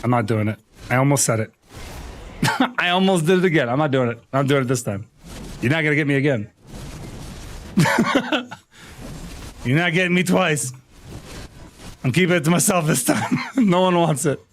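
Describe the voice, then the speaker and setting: A man's voice: on the high side, expressive, moderate pace, long pauses, a little hiss or hum. A man chatting casually on a live stream, telling crude jokes and breaking into frequent laughter.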